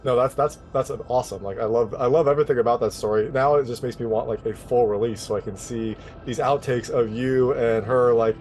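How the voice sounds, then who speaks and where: A man's voice: medium pitch, fairly even intonation, fairly quick, few pauses, a little mellow. A man hosting an interview, chatting casually and enthusiastically, with frequent repeated words. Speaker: interview host.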